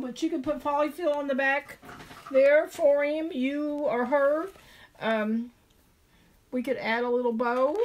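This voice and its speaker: A woman's voice: high-pitched, darkish tone. A middle-aged woman with a Southern drawl, chatting through a craft tutorial and thinking aloud as she draws. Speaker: craft video host.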